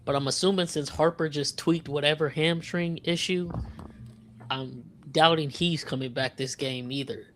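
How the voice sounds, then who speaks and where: A man co-hosting a podcast, reacting to a live game with blunt, swearing, excitable remarks. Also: a little high, normal speed, a little hiss or hum. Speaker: podcast co-host.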